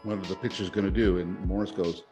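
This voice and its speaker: Rambling excitable man, casual chat. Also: deep voice, quick pace, faint music behind. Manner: rambling, excitable, many restarts. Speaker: podcast host. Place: lives in Japan.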